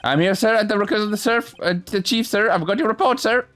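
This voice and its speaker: A man's voice: high-pitched, fast talker, fairly bright tone, no room sound, voice pushed up. A man reading a courtroom game aloud and doing every character's voice himself, sometimes stumbling over words. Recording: faint music behind.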